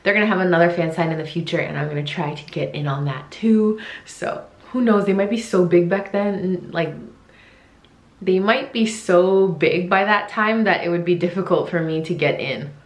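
A woman's voice: on the low side, moderate pace. Chatty young woman in an echoey room. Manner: chatty, rambling, excitable. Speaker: English teacher and vlogger. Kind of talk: casual reaction vlog.

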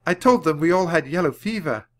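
A man reading a children's book aloud, voicing a bold, quick-witted young girl in a raised voice. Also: fairly high pitch, animated, fairly bright tone, pitched above the performer's own voice. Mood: cheerful. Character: shrill excited young girl.

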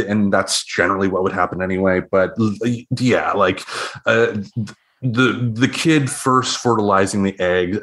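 Lower-voiced man, halting podcast talk. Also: pushed and bright. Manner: halting, restarts, many fillers. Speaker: podcast co-host. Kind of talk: casual podcast discussion.

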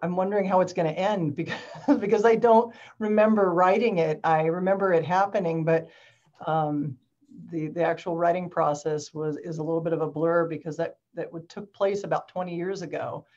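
A woman's voice: lowish voice, fairly even intonation, moderate pace, darkish tone, lo-fi sound. A woman in her forties, a doctor, talking in a hesitant, reflective way over a video call. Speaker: doctor and guest author.

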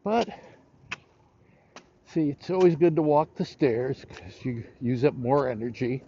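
A man's voice: mid-range voice, animated, mellow, muffled recording, a little hiss or hum. An older man hosting a casual livestream while walking in a city park, rambling and out of breath. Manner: rambling, chatty, pauses often. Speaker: show host. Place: outdoors in a big city park.

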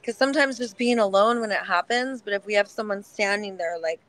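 A woman talking gently and protectively in a supportive heart-to-heart chat, often filling with "like" and "you know". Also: medium pitch, a little fast, poor audio. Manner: gentle, nurturing, many filler likes.

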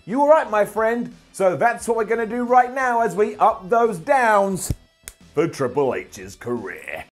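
Man, host, high voice, sarcastic, animated commentary, faint background music. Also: unhurried. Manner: jokey, sarcastic, animated delivery. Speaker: wrestling show host. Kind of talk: casual video commentary.

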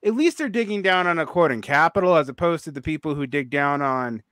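A man's voice: fairly high pitch, animated, a little fast, fairly bright tone, dry recording, studio quality. A man in his forties hosting a podcast, chatting casually, rambling and restarting often with many fillers. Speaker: podcast host. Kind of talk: casual conversation.

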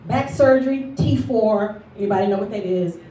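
A woman giving a lively motivational speech at a luncheon, telling her story and calling for responses from the audience. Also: mid-range voice, normal speed, slight background noise. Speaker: motivational speaker. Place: event hall at a luncheon. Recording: echoey hall recorded from far off.

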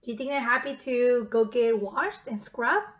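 Woman, children's read-aloud, gently questioning, high voice, muffled recording. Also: moderate pace. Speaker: teacher reading aloud.

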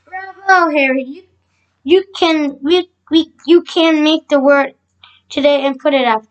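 A woman's voice: sits high, a little slow, muffled recording. A woman voicing a cheerful, encouraging schoolteacher in a storybook read-aloud, with the odd slip and restart. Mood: upbeat. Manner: reads with slips and restarts.

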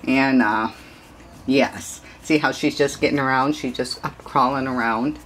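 A woman's voice: a bass voice, fairly even intonation, a little slow, fairly bright tone, a little hiss or hum. A woman dog breeder chatting casually in a home video, rambling and cooing at puppies.

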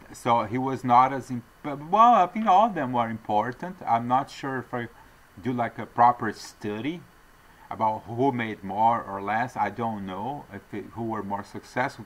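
A man's voice: medium pitch, moderate pace, a bit bright, poor audio. A man with a non-native English accent, talking to viewers in a digressive, earnest monologue with apologetic asides. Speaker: vlogger addressing viewers. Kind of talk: rambling off-the-cuff monologue.

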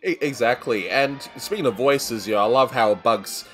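A man's voice: mid-range voice, normal speed, a bit bright, faint music behind. A man hosting a casual cartoon review chat, talking in a chatty way, laughing often and quoting lines in funny voices. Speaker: host of a cartoon review show.

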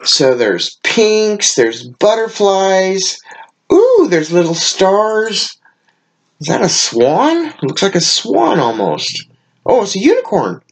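A woman's voice: mid-range voice, huge pitch swings, takes it slowly, slightly rough. A woman hosting a card-making channel, gushing as she unboxes crafting gifts sent by a friend, gasping and exclaiming over each item. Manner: effusive and gushing, with frequent gasps and exclamations. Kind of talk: casual unboxing of mailed gifts.

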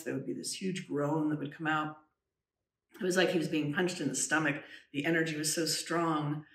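Woman, interview guest. Earnest, halting storyteller who restarts her sentences and drops to a hush in the eerie parts. Mic is set back, with a roomy echo. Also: deep voice, distant mic. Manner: earnest, halting, with many restarts and "you know"; drops to a hushed voice when recounting the eerie moments. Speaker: trance channel medium, interview guest.

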